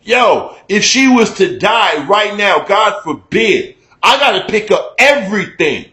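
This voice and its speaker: A middle-aged man giving a candid, profane talk-show monologue, emphatic and conversational, getting loud when he is worked up. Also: sits high, very animated, a little slow, reverberant, low-quality recording. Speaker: radio talk show host.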